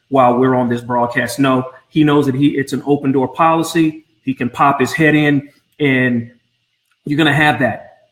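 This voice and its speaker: A man's voice: medium pitch, a bit bright. A man coaching blended families on a live stream from home, speaking earnestly and often repeating his words. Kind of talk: Facebook Live talk. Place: home room. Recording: roomy echo.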